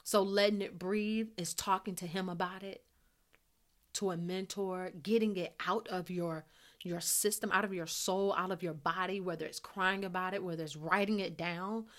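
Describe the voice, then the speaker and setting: A woman's voice: on the low side, fairly even intonation, moderate pace. A woman hosting a devotional podcast, teaching in an earnest way and repeating phrases for emphasis. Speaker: podcast host.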